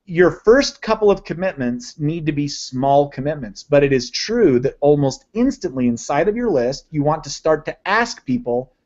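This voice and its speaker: A man's voice: fairly high pitch, lively intonation, normal speed, few pauses, a little mellow, dull audio. A man presenting a live online lesson on sales copywriting, enthusiastic and conversational, often checking in with his listeners. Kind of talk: live online teaching session.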